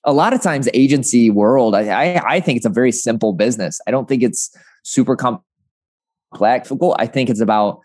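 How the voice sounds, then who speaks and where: A man's voice: mid-range voice, moderate pace, darkish tone. A man in casual business conversation, talking animatedly and peppering his speech with "like" and a questioning "right?".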